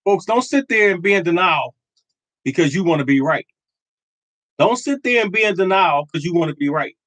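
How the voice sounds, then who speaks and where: Older male streamer, high voice, dry close sound, hammers each point twice with preacher-like conviction. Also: expressive, moderate pace, a bit bright, dry recording, low-quality recording. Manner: emphatic and repetitive, preaching conviction. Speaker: lottery tips host. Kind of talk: live stream talking to chat.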